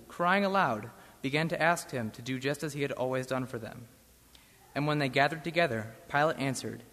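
A man reading a Bible passage aloud in church with a measured, solemn delivery. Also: medium pitch, a bit bright. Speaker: scripture reader. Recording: long church reverb.

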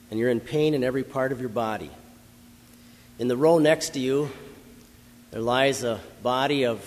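A man preaching a sermon, telling a story in an earnest, dramatic way that builds to loud emphasis. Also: medium pitch. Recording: long hall reverb.

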